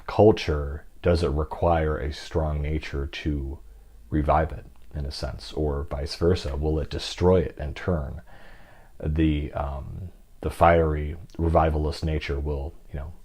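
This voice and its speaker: A man's voice: a bass voice, a little mellow, husky. A man casually discussing a classic novel in a rambling, reflective way, with many fillers and restarts. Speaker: book discussion host.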